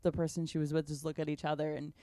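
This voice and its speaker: A woman podcast host telling a story in a chatty, animated way. Her voice sits a bit low and sounds smooth. It is recorded close and dry. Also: rapid-fire, dry recording. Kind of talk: casual podcast conversation.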